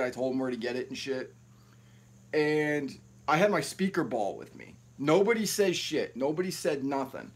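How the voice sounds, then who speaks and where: A young man telling rambling, profane stories to camera at home, without an external mic. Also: mid-range voice. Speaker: YouTube vlogger. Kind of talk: casual storytelling to camera. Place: at home, no ring light set up. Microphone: built-in camera mic, no external mic.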